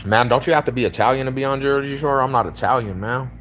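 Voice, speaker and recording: A man's voice: mid-range voice, fast talker, fairly bright tone, slight background noise. A man from East Denver with a Denver accent, chatting casually on a live stream in a slangy, laid-back way. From East Denver, Colorado. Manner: slangy and laid-back, calls people homie, bro and fool. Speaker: livestreamer chatting with strangers.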